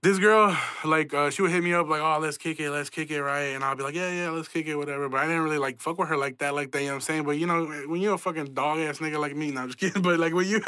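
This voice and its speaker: A man's voice: on the high side, racing, few pauses, sharp tone, dry recording, clean studio sound. A young man hosting a podcast, telling stories in a profane, self-mocking, casual way and laughing often. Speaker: podcast host. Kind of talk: casual storytelling.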